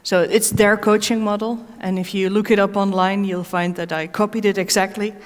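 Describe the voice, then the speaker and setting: A woman's voice: mid-range voice, flat delivery, moderate pace. A woman speaker and certified coach answering audience questions at a conference, talking hesitantly with many fillers and restarts. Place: conference hall. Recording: echoey conference hall.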